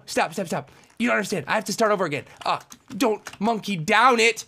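A man giving excitable, frustrated commentary while playing a video game, yelping and ranting. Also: on the high side, fast. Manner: excitable, frustrated, yelps and rants. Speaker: gamer. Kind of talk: gameplay commentary.

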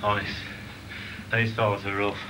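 Deep-voiced modest amateur wrestler. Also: male voice, level tone, normal speed. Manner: modest, hesitant. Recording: noisy 1980 TV documentary sound.

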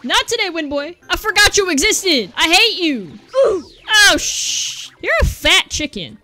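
A young woman commentating her gameplay, excitable and sarcastic, talking back to the characters on screen. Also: extremely high pitch, a little slow, no echo. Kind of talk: let's play commentary.

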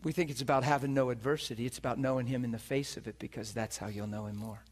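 A middle-aged man preaching, telling a personal story with animated delivery, acting out voices and laughing often. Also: mid-range voice, fast talker. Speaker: preacher teaching on healing. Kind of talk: sermon storytelling. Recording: live teaching session, room mic.

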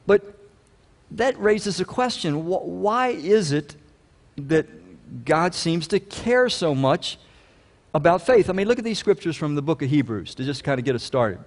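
A pastor preaching a sermon in a conversational way, growing loud and emphatic when he reads scripture. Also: on the high side, lively intonation, a little slow, big-room sound. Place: church sanctuary.

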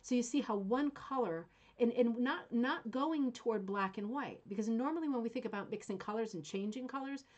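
A woman's voice: on the high side, a little fast, few pauses, a little mellow. A woman hosting a craft club show in a casual teaching chat, chatty and enthusiastic, rambling and often checking in with "right?".

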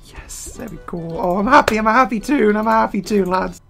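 A woman giving excitable gameplay commentary as a let's player, full of sudden exclamations. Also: medium pitch, brisk, vocal fry, faint music behind. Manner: excitable, frequent startled exclamations.

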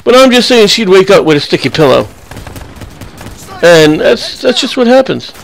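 A young man talks loosely over his game footage, drifting between match details and crude jokes. His voice sits a little high and has a rough, gravelly edge. The delivery is casual and offhand throughout. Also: very animated, moderate pace. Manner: rambling, crude joking banter. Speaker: gaming channel host. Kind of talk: casual gameplay commentary.

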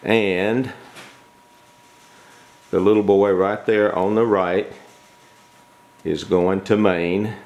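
Slow, gravelly low-voiced man coaxing puppies. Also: fairly even intonation, darkish tone. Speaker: dog breeder filming puppies. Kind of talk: casual home video narration. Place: home kitchen.

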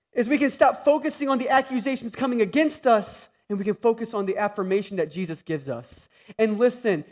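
A man in his thirties preaching a sermon, moving between loud emphatic lines and soft confessional ones. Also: very high-pitched. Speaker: pastor.

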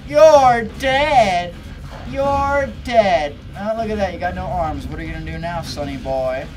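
A let's play gamer giving excitable commentary, often yelping, laughing and swearing at the game. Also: medium pitch, fast. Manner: excitable, yelps and shrieks at the game. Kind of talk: gameplay commentary. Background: game music.

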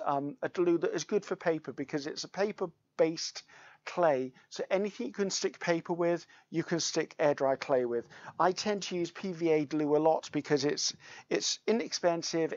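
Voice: mid-range voice, muffled recording. A craft show host, giving a chatty live demonstration and reading viewer comments aloud.

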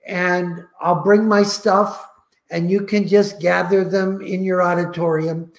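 Slow-talking older man telling a story. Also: high voice, fairly even intonation, echoey room. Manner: slow, heartfelt, emotional anecdotes. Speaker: founder telling stories. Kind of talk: casual storytelling.

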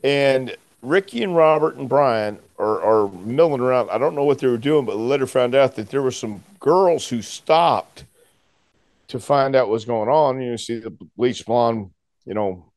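At a medium pitch and a measured pace, a former wrestler shares a story in casual talk. He's lively, laughing often while acting out the voices of the people involved, and the recording sounds dry.

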